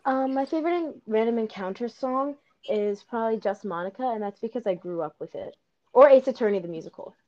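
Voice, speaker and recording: A woman's voice: on the high side, a little fast, mellow, no room sound, muffled recording. A woman co-hosting a podcast, rambling and arguing emphatically in casual chat over a video call. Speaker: podcast co-host.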